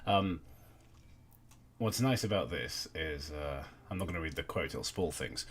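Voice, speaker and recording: A man's voice: very deep voice, expressive, measured pace, a bit bright, a little hiss or hum. A young man hosting a livestream, reading aloud and thanking donors in a wry, sweary way. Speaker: livestream host. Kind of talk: casual livestream commentary.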